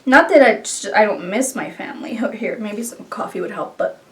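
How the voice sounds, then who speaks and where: A woman talking in a heartfelt, halting way in a casual vlog, with many fillers. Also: mid-range voice, animated, a bit bright, distant mic, a little hiss or hum. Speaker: beauty YouTuber.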